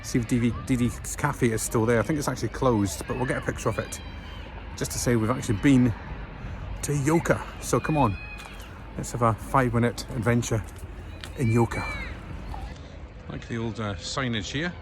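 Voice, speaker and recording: A Scottish man narrates his day out for a travel vlog, chatting easily and wandering off track with lots of ums. His voice sits mid-range, recorded handheld outdoors. Street and traffic noise runs clearly underneath. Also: mid-range voice, normal speed. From Scotland. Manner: chatty, rambling with frequent fillers. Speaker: travel vlogger. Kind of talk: casual walking vlog narration. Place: outdoors in town streets and station, rainy.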